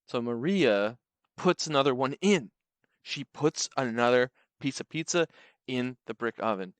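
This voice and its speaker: A man telling a comedic personal story in an animated, sarcastic, playful way. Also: mid-range voice, unhurried, dry recording.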